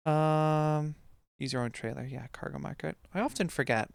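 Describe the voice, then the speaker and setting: A man's voice: a little high, steady tone, moderate pace, gravelly, no echo. A man in his twenties, a streamer chatting playfully and reading his chat aloud while he plays a game. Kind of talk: casual live-stream chat while gaming. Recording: truck engine noise from the game.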